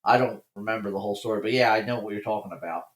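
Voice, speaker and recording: A man guesting on a chatty podcast, recounting folk legends with an even, storytelling delivery. His voice carries a noticeable echo from the room around him. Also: on the low side, very fast. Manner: reads folklore facts in an even storytelling way. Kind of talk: casual podcast chat.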